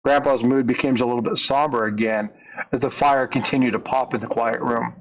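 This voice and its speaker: A man's voice: medium pitch, steady tone, a little fast, rough recording. A man narrating a story in a conversational way, leaning into the dramatic moments. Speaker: storyteller, coin channel host.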